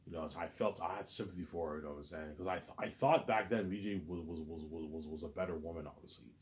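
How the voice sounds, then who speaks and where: Low-voiced man rambling agitatedly. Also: fast. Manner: repetitive, stammering, agitated. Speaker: vlogger. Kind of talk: rambling monologue.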